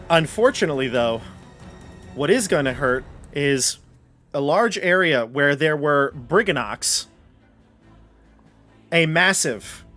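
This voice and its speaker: A man running a tabletop game as game master, narrating the scene in a relaxed way and often restarting his sentences. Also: fairly high pitch.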